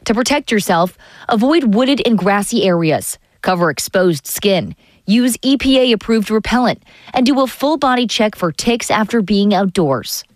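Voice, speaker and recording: A woman's voice: mid-range voice, expressive, moderate pace, no echo. Woman news anchor, dry studio read. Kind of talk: scripted news reading.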